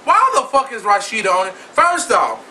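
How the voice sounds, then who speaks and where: A man's voice: high voice, sing-song, normal speed, pushed and bright. A man vlogging in a sassy, profane and flamboyant style of casual gossip commentary. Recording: distant mic with faint noise.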